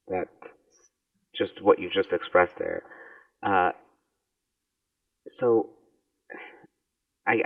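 A man interviewing a guest, asking measured, thoughtful questions. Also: low-pitched, no echo. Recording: distant, tinny phone-like sound.

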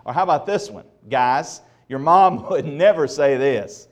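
Lively pastor joking from the pulpit. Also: male voice, a little high, unhurried. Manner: folksy, joking, animated delivery. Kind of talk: sermon. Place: church sanctuary.

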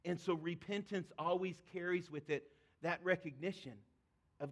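A man's voice: sits high, moderate pace, a bit bright. A man preaching a sermon as pastor, talking to his congregation in a conversational, earnest way and sometimes voicing pleading prayers.

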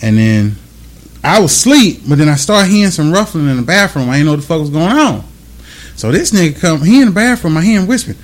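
Lively man, high and very expressive, a crude raconteur. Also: fast. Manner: animated, profane, acts out quoted voices. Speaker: comedian guest. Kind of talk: casual storytelling.

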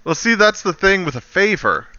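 Young man, sharp crisp voice, wry laid-back delivery, dull lo-fi dry recording. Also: sits high, very animated, moderate pace, no room sound. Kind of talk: casual film chat.

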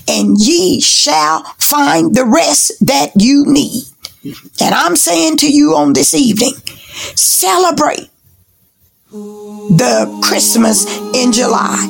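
Slow, gravelly woman preaching. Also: sits high. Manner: slow, rhythmic preaching with repeated phrases. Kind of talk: sermon.

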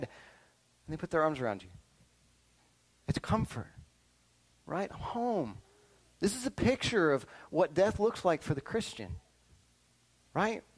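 Middle-aged guy preaching to kids, kinda high voice, keeps asking "right?" and "okay?". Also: poor audio. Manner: animated preaching with frequent "right?" and "okay?" check-ins. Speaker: pastor. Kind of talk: sermon to children and youth.

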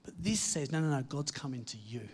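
A man delivers an earnest sermon, encouraging his listeners and leaning hard on key phrases before easing into quieter moments. His voice has a slightly husky edge. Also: medium pitch, animated, fairly quick. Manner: earnest, encouraging, emphatic with soft dips and laughs. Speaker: preacher.

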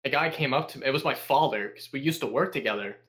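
A man's voice: medium pitch, fast. A young man tells stories as a podcast guest in a casual, profane ramble. He leans on sarcasm and jumps into mock voices of coworkers as he talks. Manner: sarcastic, swears constantly, animated impressions.

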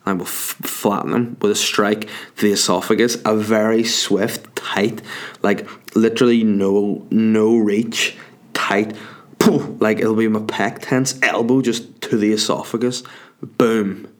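Man, lowish voice, comic monologue, profane, worked up, rambling. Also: little pitch movement, a little slow. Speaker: comedian.

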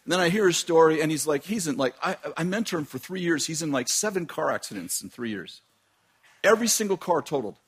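A man preaching and telling a dramatic personal story, laughing often and shouting at the peaks. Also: on the high side, fast, husky. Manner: animated, laughing, shouting at climaxes. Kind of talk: sermon storytelling.

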